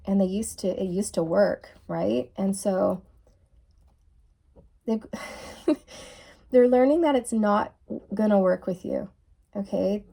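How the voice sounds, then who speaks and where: Mellow-voiced woman giving a tarot reading. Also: mid-range voice, vocal fry. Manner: soft, musing, repeats key phrases. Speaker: tarot reader. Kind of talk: channeled tarot reading to camera.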